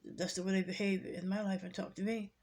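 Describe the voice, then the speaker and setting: A woman's voice: medium pitch, little pitch movement, a little fast, darkish tone. A woman delivering a rambling, agitated, preachy monologue to camera. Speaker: vlogger.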